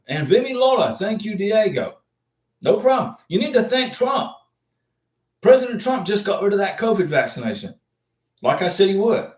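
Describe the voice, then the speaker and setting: Male livestream host, slightly high voice, loose rambling delivery, sits off-mic in an echoey home office. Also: big pitch swings, normal speed, pauses often, distant mic. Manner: chatty, rambling, repeats himself often. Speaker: livestream host answering visa questions. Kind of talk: casual livestream chat reading viewer comments. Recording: roomy echo, off-mic.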